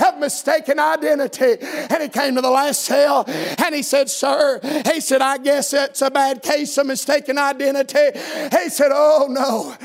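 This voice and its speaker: A man's voice: very high-pitched, normal speed, vocal fry, hardly any pauses. A man preaching a revival sermon, hollering in a sing-song cadence and punctuating his lines with amens.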